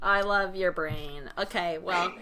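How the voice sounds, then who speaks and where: A woman's voice: fairly low pitch, slow pace. A young woman hosting a podcast, telling stories in casual chat and acting out the people she quotes. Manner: animated storytelling, acts out quoted voices, laughs often. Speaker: podcast host.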